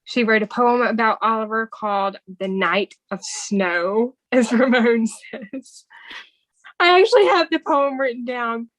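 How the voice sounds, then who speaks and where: A woman's voice: a little high, measured pace, dry recording, poor audio. Woman podcast host recapping a film. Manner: reads quoted film dialogue aloud, warm and earnest. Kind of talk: casual movie recap chat.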